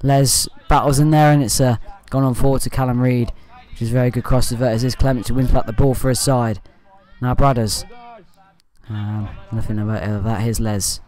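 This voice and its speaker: A man's voice: mid-range voice, normal speed. A man giving a rambling, partisan amateur voice-over commentary on his team's football match, often saying "anyway" to move on. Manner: partisan, with excited bursts at good play. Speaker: fan channel commentator.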